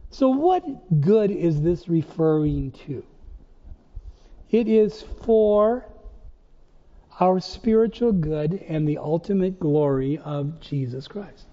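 A man's voice: a little high, lively intonation, slow. A man preaching a sermon as pastor, firing rhetorical questions with emphatic rises. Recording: dull, lo-fi recording in a reverberant church hall.

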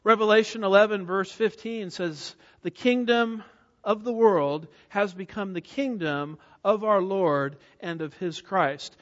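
Emphatic high-voiced preacher in a reverberant hall. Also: male voice. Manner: emphatic, asks the congregation questions and answers them. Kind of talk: expository sermon. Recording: dull sound with long hall reverb.

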